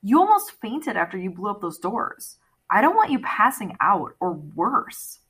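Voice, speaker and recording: A woman's voice: medium pitch, wildly swooping pitch, unhurried, a bit bright, breathy edge, heavily acted. A woman reading the part of a nervous teenage boy who stammers while trying to be brave in an audiobook. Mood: tense. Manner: tense, stammering.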